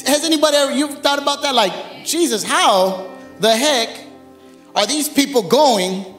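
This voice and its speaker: A man preaching as pastor, in a lively, conversational sermon full of humor, while recovering from bronchitis. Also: very high voice, moderate pace, faint music behind. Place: church sanctuary. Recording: echoey church hall.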